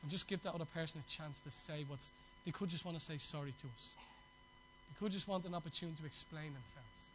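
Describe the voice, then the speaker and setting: A man's voice: fairly high pitch, fast, bright, forceful tone, a little hiss or hum, rough recording. A man preaching a sermon to his church, passionate and exhorting, with chatty asides.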